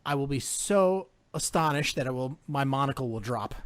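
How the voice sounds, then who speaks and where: A man chatting casually about sports on a podcast, relaxed and joking, with a mid-range voice. He hesitates with fillers, and the sound is dry and close. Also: mid-range voice, normal speed, dry recording. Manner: laid-back, hesitant with fillers, jokey. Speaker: podcast co-host. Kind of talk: casual sports talk chat.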